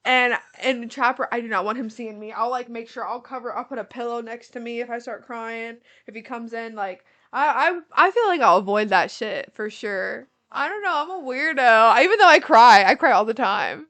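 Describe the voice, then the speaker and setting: A woman's voice: a little high, moderate pace, hardly any pauses, fairly bright tone. A young woman co-hosting a casual podcast, talking candidly and swearing freely. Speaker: podcast co-host. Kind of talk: casual chat.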